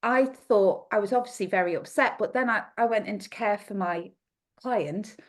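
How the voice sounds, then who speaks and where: Middle-aged Australian woman, podcast guest, animated storyteller. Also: mid-range voice, moderate pace. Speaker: guest naturopath.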